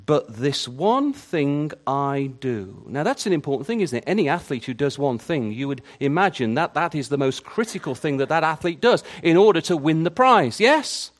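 Male preacher, fairly high voice, swooping and lively delivery, stammering restarts, questions to the congregation. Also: brisk, few pauses. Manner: animated, asks the listeners many questions; stammers and repeats words at the starts of phrases. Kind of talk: sermon.

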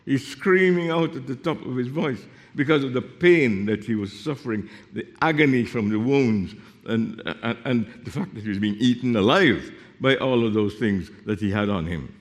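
A man preaching a sermon, explaining Bible verses and reading them aloud, with sudden drops to a hushed voice. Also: mid-range voice, expressive, moderate pace. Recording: long reverb of a hall.

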